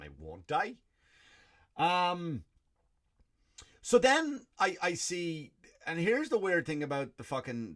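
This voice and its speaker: An Irish man hosting a comedy podcast, delivering a profane, animated rant in a stand-up style. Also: fairly high pitch. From Ireland.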